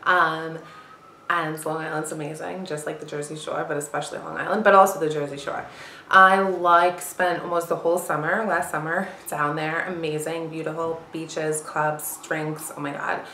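A woman's voice: deep voice, fairly bright tone, slight background noise. A young woman improvising as a brash, gossipy party girl, chattering with constant fillers in an echoey room. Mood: chatty. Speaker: actor auditioning. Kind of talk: improvised character monologue. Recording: roomy echo.

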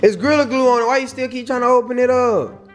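A young man hosting a casual prank vlog. He talks in a teasing, playful way and protests loudly. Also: extremely high pitch, fast talker, soft background music. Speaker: vlog host.

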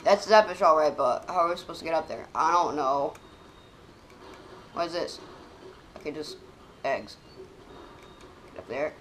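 Excitable woman with lively swings in pitch. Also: normal speed, long pauses, a little hiss or hum. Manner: excitable, exclaims often, swings between loud outbursts and quiet mutters. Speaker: gaming channel host. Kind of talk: let's play commentary.

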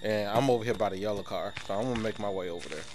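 A man talking live to his teammates while gaming, excitable and panicky, joking and swearing a lot. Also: lowish voice, very fast. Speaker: gamer. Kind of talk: live gameplay chat with teammates. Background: game music.

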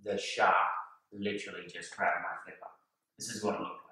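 Heard from a distance in an echoey room, a man who teaches kindergarten tells young children a story, animated and putting on voices and gasps. He speaks low and a little fast.

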